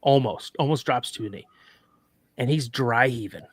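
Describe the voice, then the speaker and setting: As a guest on a podcast, a man shares an animated, casual story, performing the quoted lines and repeatedly starting sentences over. His voice is mid-range at a moderate pace, with no echo.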